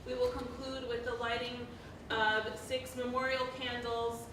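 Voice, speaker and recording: Woman organizer, slightly high voice, distant mic, heavy hall echo. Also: level tone, unhurried. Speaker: event organizer. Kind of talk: announcements to an audience. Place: synagogue hall. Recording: distant, very echoey hall with noise.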